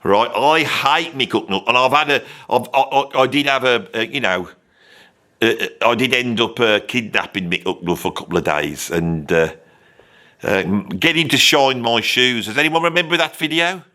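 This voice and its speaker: A man's voice: medium pitch, animated, normal speed, sharp tone. A man performing a brash, boastful male character with a Birmingham accent, ranting about rock stars in a comedic monologue and swearing constantly. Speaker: comic character host.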